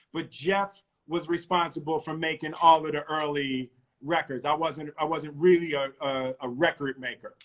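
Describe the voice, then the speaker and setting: Brief: middle-aged man from Philadelphia, guest on a live video chat, raised voice, lively storyteller. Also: a little high. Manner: animated storyteller, laughs often. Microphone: video call.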